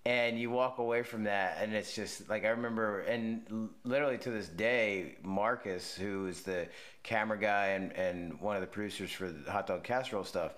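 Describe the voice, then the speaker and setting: A man's voice: lowish voice, normal speed, a bit bright. Regular guy chatting, laughing a lot, lots of likes and ums. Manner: easygoing, chuckling, lots of fillers. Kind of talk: casual reminiscing chat.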